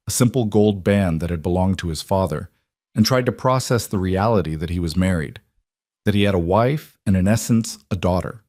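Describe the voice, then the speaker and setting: A man narrating a western romance story in a calm, measured scripted reading. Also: on the low side, dry recording, clean studio sound.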